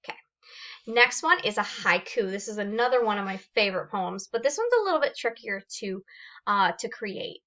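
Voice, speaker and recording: Woman teacher, bright voice, reading out sample poems for a class on a muffled lo-fi recording. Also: medium pitch, animated, normal speed. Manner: explains step by step, reads examples aloud with fillers and restarts. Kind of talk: recorded classroom lesson on poetry forms.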